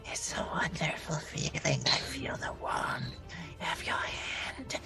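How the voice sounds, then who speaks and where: A woman voicing a creepy, clingy sentient orb in whispered role-play, breathy and drawn out. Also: deep voice, slow, music in the background, full character voice. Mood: enraptured.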